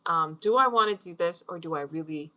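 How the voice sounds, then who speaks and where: A middle-aged woman talks casually at home, rambling between thoughts and laughing often. Her voice sits a little low, yet sounds bright and forward. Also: brisk. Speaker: host leading a meditation practice. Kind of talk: casual spoken talk with guided breathing.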